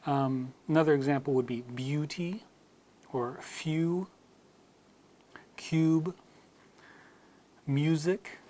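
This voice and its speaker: A teacher with an American accent giving a slide-based pronunciation lesson, modelling example words one at a time and softly whispering some of them. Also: medium pitch.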